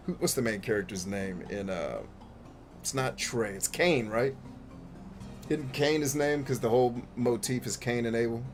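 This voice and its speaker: Guy streaming a game, joking around, swears a lot, gets animated. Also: mid-range voice. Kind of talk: casual let's-play commentary.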